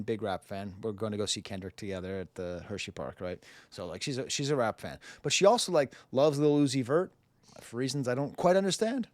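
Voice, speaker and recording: Man, 40s, music reviewer, sarcastic, blunt, mid pitch, dry. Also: no echo. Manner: blunt, sarcastic, laughs often. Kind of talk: casual commentary.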